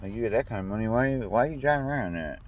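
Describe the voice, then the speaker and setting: A man's voice: fairly low pitch, lively intonation, rapid-fire, lo-fi sound. A young American man ranting in casual talk, swearing often and stumbling over restarts as he rambles. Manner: profane, rambling, stammers and restarts. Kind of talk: casual rant.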